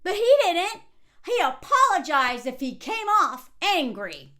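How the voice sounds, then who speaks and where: Reviewing a reality show in casual commentary, a woman in her thirties talks a little slowly with a high, heavily swooping voice. She stays animated and mimics people in mocking voices whenever she quotes them.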